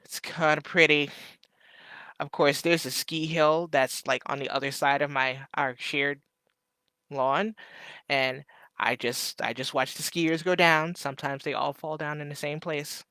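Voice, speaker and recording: Slow, bright-voiced man chatting on a live stream. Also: on the high side, little pitch movement, clean tone, dry recording, clean studio sound. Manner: chatty, joking asides to viewers. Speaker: live stream host reading chat. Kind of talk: casual live stream chat.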